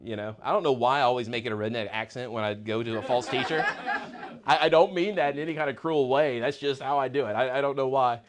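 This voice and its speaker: Man, 50s, Bible class teacher; casual and halting, lots of repeats. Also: mid-range voice, crowd noise. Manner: halting, repeats words and restarts often.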